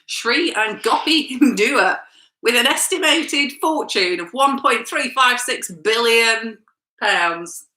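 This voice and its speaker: Mum running the family quiz, bright voice, kinda high, echoey room. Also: female voice, animated. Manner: brisk, reads out questions and scores. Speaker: quiz host, mother.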